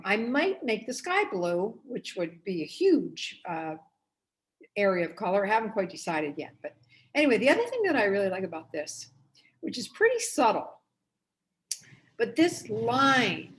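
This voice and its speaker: A woman's voice: mid-range voice, poor audio. A middle-aged woman hosting a casual painting tutorial, chatty and upbeat, often rambling with "anyway" and "um". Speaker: art teacher and host.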